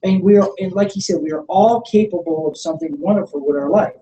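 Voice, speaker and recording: Mellow-voiced man coaching a sales team. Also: fast, highs cut off, slight background noise. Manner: energetic and coaching, often checks in with the room; acts out sample sales pitches in a calmer voice. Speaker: network marketing trainer. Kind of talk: motivational training seminar talk.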